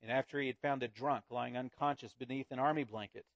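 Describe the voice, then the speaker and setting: A man preaching a sermon, reading a story aloud in a slow, dramatic way with big swings in loudness. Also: medium pitch, fairly even intonation, no room sound, dull audio. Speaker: pastor.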